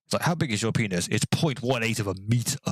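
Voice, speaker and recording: Low-voiced man rambling over gameplay. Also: lively intonation, fast talker, dry recording. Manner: rambling, joking, counts quietly under his breath. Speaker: gaming channel host. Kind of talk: casual gaming commentary.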